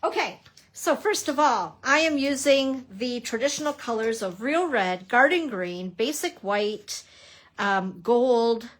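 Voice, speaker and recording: A talkative middle-aged woman with a fairly high voice leads a relaxed craft lesson on a livestream. She chats and greets her viewers by name as she works, and often breaks into easy laughter. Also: slow pace. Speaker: papercrafting instructor. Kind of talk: casual craft tutorial livestream.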